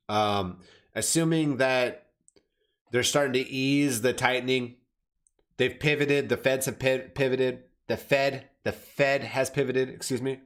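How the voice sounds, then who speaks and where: A man's voice: medium pitch, fairly bright tone. A man with an ordinary mid-range voice riffs on crypto charts in a brash, unscripted way. He talks bluntly, swears freely and keeps addressing his viewers as fam. He often stops and corrects himself partway through a sentence. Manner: self-correcting, restarts phrases. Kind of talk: casual market commentary over charts.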